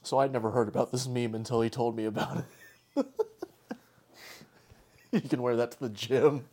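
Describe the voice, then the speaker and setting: A man's voice: mid-range voice, steady tone, moderate pace, darkish tone. A young man hosting a casual podcast game, laughing often and teasing his co-host.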